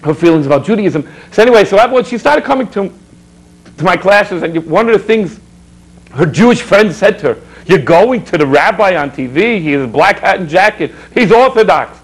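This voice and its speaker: Animated, high-pitched preaching rabbi man. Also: brisk, low-quality recording. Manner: exhorting, rhetorical questions, storytelling asides. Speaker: rabbi hosting a TV show. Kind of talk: animated preaching talk with anecdotes. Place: public access TV studio.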